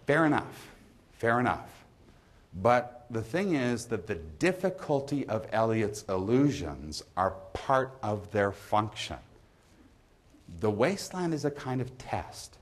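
A man who is a literature professor, giving a measured, emphatic university lecture in a lecture hall. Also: lowish voice, expressive.

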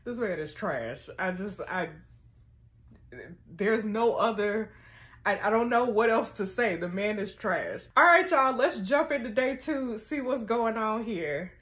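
A woman with a voice pitched a bit above most reads a text-message game aloud. She breaks in often with sassy, lively reactions and quick laughter. The tone is a casual gaming host's chatter. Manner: sassy, animated commentary with frequent laughter. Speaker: gaming channel host.

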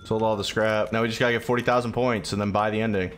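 A man's voice: lowish voice, little pitch movement, fast, faint music behind. A man gaming with friends, laughing often and teasing while giving orders to the team. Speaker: gamer. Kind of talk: casual gaming banter.

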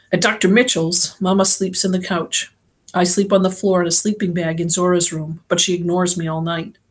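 Woman reading a first-person novel aloud. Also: on the low side. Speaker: audiobook reader. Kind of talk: first-person audiobook narration.

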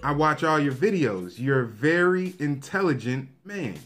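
A man's voice: fairly high pitch, expressive, normal speed, fairly bright tone, soft background music. A man voicing a nervous, polite woman fan who speaks earnestly and a little hesitantly, close to his own voice.

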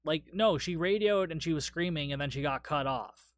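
A man's voice: fairly high pitch, lively intonation, moderate pace, no room sound. Tired, profane man recapping a movie. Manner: casual and profane, rambling recap. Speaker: podcast host. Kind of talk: solo movie review podcast.

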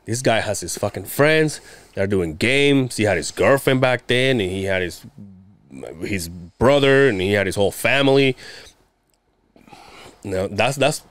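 A man's voice: fairly low pitch, expressive, a little slow, a bit bright, no echo. Rambling, swearing male podcast co-host. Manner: rambling, profane, laughs often. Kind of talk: casual chat.

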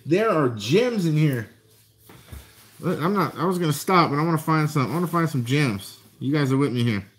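A man chatting casually to viewers while opening a box of trading cards. He gets excited and shouts over good finds. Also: a little high, moderate pace. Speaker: card collector vlogger.

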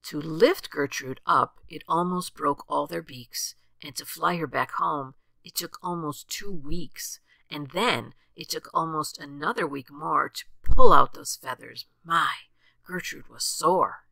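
An older woman reading a rhyming storybook aloud with expressive, sing-song rhythm. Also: sits low, a little slow, vocal fry, dry recording.

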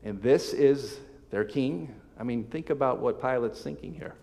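A man preaching a sermon as pastor, reading scripture aloud with emphatic swells and sudden soft drops. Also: medium pitch, normal speed, vocal fry. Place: church sanctuary. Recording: long hall reverb.

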